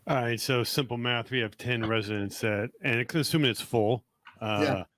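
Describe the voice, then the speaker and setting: A man hosting an interview and asking relaxed, loosely phrased questions. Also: medium pitch, normal speed, no echo, studio quality. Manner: relaxed, asks with restarts. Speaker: interview host.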